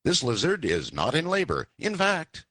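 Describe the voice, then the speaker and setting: A composed male vet murmurs and reassures, voiced by a man reading aloud. His pitch rises and falls widely. The sound is dry and close. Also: huge pitch swings, moderate pace, a bit bright, no echo, full character voice. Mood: reassuring. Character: calm, dry-humored male veterinarian.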